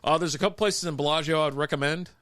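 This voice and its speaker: A man's voice: on the high side, fast talker, a bit bright, dry recording, clean studio sound. A man co-hosting a casual live beer show, rambling through recommendations, swearing freely and laughing often. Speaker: podcast co-host. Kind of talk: casual live-stream chat.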